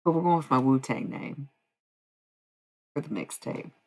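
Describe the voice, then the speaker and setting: A woman streaming live, chatting casually and profanely with her viewers, rambling between quiet musing and loud bursts. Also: extremely low pitch, measured pace, vocal fry. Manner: rambling, profane, talks to chat.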